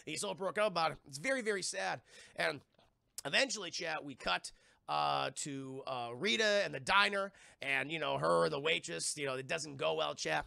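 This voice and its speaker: A man with a gravelly, fry-heavy voice recaps a TV episode for his stream chat. His tone is bright and forceful, and the sound is dry and close. He rambles, swears freely and drops into quick impressions of the characters. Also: fairly high pitch, dry recording. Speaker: TV review streamer. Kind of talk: casual live-stream recap.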